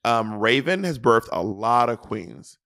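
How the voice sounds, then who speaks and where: A man's voice: medium pitch, very animated, creaky, fairly bright tone, no room sound, clean studio sound. A man co-hosting a casual review podcast over a video call, teasing and restarting his sentences often. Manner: playful, teasing, halting with many restarts. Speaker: podcast co-host.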